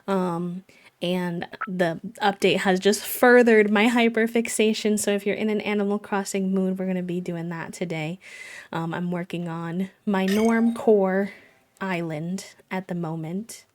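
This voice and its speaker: Woman streamer, casual live chat, cozy, chatty, mid-pitched voice. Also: fairly even intonation, a little slow. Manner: chatty, cozy, greets viewers by name.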